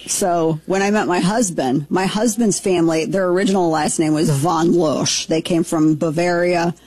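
A woman in her forties from Southern Missouri, co-hosting a chat show and telling family stories in a lively, laughing way. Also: low voice, breathy edge, dry recording. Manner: animated storyteller, laughs easily. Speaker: talk show co-host. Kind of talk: casual chat, storytelling.

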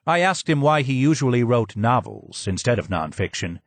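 A man narrating a memoir audiobook in an expressive reading with strong emphasis. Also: medium pitch, moderate pace, hardly any pauses, dry recording.

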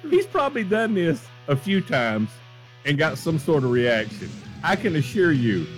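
A man co-hosting a radio show, telling a story in a lively way and laughing often. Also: on the high side, moderate pace, soft background music. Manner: animated, laughs often through his story. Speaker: radio co-host. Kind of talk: morning radio banter, storytelling.

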